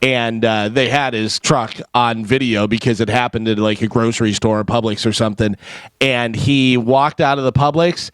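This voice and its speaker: A man's voice: medium pitch, steady tone, clear, resonant tone, no echo. A man co-hosting a morning radio show, chatty and jokey in casual banter. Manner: chatty, jokey, quick to laugh. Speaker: radio show co-host and news reader. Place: radio studio.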